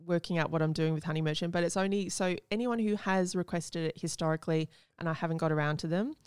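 A woman's voice: fairly low pitch, quick pace, darkish tone, smooth, dry recording, studio quality. A young adult woman, a honey taster, talking enthusiastically and descriptively in a casual podcast conversation. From Australia.

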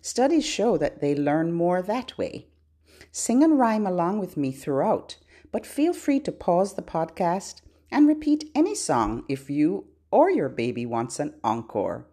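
A woman who works as a children's librarian, hosting a podcast and giving gentle tips to parents and babies in a slow, sing-song way. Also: lowish voice, big pitch swings, breathy edge.

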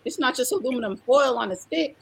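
A woman's voice: high-pitched, animated, a little fast, gravelly, slightly rough. A woman co-hosting a casual wrestling chat, blunt, profane and mocking. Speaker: podcast co-host.

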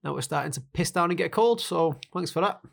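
A man's voice: fairly high pitch, animated, a little fast, vocal fry. A man co-hosting a casual banter podcast, throwing in dry jokes and asides. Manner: dry quips and joking asides. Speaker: podcast co-host.

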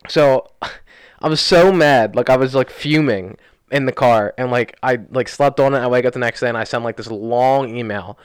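Recorded on a studio podcast mic with no echo, a young co-host with a clear, resonant, medium-pitched voice rambles through a story in casual chat. He retells it fast and animatedly, leaning constantly on "like."

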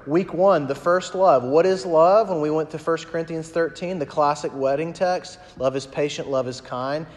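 Conversational pastor in a reverberant hall. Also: male voice, a little high. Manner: storytelling, conversational, drops to hushed tones for emphasis. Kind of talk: sermon.

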